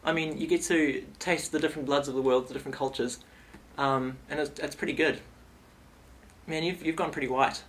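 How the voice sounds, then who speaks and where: Young male vlogger; loose, playful comic storytelling with a somewhat high pitch. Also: fairly quick, slight background noise. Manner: rambling, playful, animated retelling.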